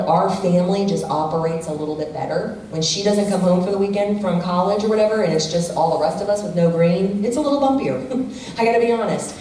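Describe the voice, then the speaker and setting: A middle-aged woman with a low, mellow voice leads a community workshop, animated and full of stories, acting out the people she quotes. She is heard from a distance in a very echoey church hall, with a faint hum of room noise behind her. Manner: animated storyteller who acts out quoted family members. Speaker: workshop presenter.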